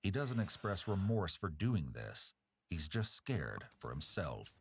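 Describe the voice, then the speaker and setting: A man narrating a true crime documentary in a measured, judgmental tone. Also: low-pitched, very animated, slightly rough.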